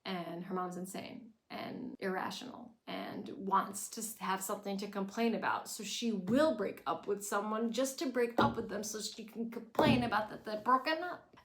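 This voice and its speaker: A young woman chattily recapping a TV episode, full of "like". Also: medium pitch. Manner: chatty, lots of "like". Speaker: show recapper. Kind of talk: casual recap vlog. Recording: echoey room.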